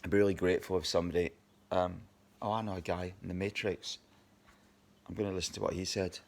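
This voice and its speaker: A man's voice: low voice, flat delivery, fast talker, vocal fry. A Scottish man in his fifties, exhausted, rambling and swearing angrily in a personal video diary. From Scotland. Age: 50s. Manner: agitated, rambling, heavy swearing. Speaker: video diarist.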